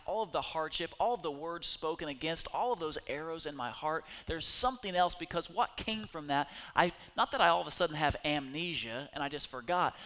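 A middle-aged male pastor preaching a sermon, animated and conversational, speaking directly to his congregation. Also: fairly high pitch.

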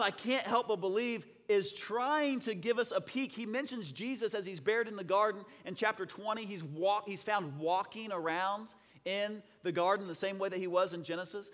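A man preaching a sermon as a pastor, swinging between loud, impassioned lines and hushed, dramatic ones. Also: sits high, long reverb tail.

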